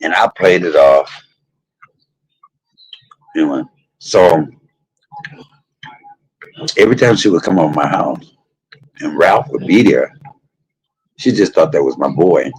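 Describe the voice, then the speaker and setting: A man hosting his own show, telling a personal story in an animated, profane way and talking straight to his listeners. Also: very deep voice, measured pace, pauses often, slightly rough, rough recording. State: emotional, tearful at times. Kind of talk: candid storytelling monologue.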